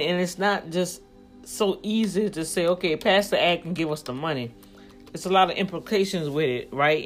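A woman vlogger with a low-sitting voice gives casual commentary, rambling as she thinks aloud and addressing her viewers directly. She becomes emphatic when something riles her up.

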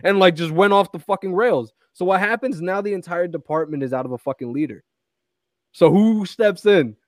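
A man's voice: high-pitched, moderate pace, no echo. A man co-hosting a podcast, chatting casually about a movie, swearing a lot, acting out quotes and laughing often. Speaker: podcast co-host.

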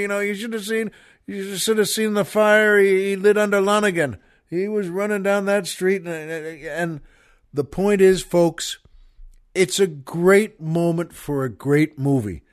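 A man hosting a podcast, retelling a favorite film scene in an enthusiastic, rambling monologue full of restarts and asides to the listeners. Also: on the high side. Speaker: podcast host. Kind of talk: casual storytelling monologue.

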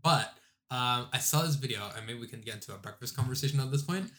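A man's voice: medium pitch, quick pace, a bit bright. Laid-back young man, casual chat. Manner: laid-back, heavy use of "like".

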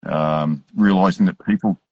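Very deep-voiced hesitant male host. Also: moderate pace. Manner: hesitant, many "you know" and "uh" fillers. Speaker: interview host. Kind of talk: interview commentary. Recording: dull, muffled recording.

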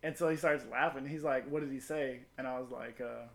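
A man's voice: mid-range voice, fairly even intonation, brisk, vocal fry. A man telling a long crude story in casual podcast chat, rambling and full of profanity.

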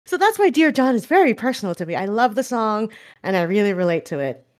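A woman's voice: medium pitch, sing-song, fast, darkish tone. A woman in her thirties co-hosting a podcast, candid and teasing, laughing often. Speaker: podcast co-host. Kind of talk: casual chat.

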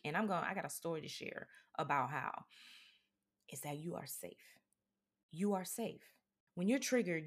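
Woman podcast host, slightly low voice, casual coaching talk, keeps checking in with listeners. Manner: animated, addresses listeners as y'all and guys, frequent "right?" and "okay?".

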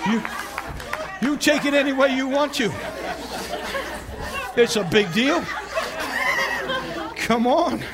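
A male preacher delivering a sermon in an animated, folksy manner, laughing often. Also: very high-pitched, slow, pauses often, over a noisy crowd, very noisy.

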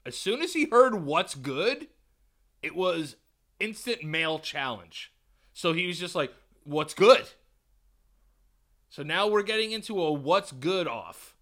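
Man, from New York, podcast co-host, casual storytelling, lively pitch, slightly high voice. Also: unhurried. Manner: animated, swearing, acts out quotes loudly.

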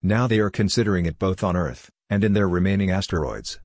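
A man voicing a calm, coldly logical android envoy who speaks in a level, matter-of-fact way. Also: sits low, a little fast, dry recording, clean studio sound. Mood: explaining.

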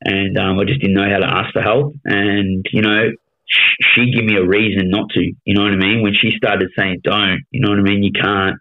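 An Australian man in his thirties with a lowish voice tells his story bluntly, swearing often and checking in with "you know what I mean." The sound is thin and tinny, like a phone line. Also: level tone, normal speed. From Melbourne, Australia. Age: 30s. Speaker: podcast guest. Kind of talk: casual storytelling interview.

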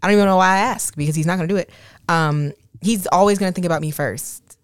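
A woman's voice: lowish voice, fast, clear, resonant tone, no echo, clean studio sound. A woman co-hosting a podcast with her husband, talking candidly and acting out quoted dialogue. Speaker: podcast co-host. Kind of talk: casual podcast chat.

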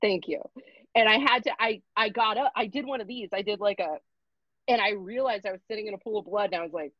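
A young woman comedian telling a story in a casual, profane, animated way and acting out the people in it. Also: medium pitch, fast talker, dry recording. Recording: dull lo-fi sound.

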